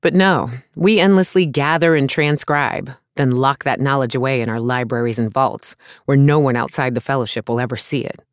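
A man's voice: mid-range voice, normal speed, clean tone, no echo, studio quality, pitched above the performer's own voice, close to an everyday voice. A male narrator voicing a small, brusque, sarcastic woman artificer who talks bluntly and impatiently. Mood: indignant.

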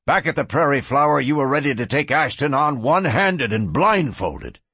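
A man's voice: mid-range voice, expressive, moderate pace, fairly bright tone, breathy edge, no room sound. A man voicing a scornful, hard-edged outlaw ranch boss in an audiobook, snapping and dismissive.

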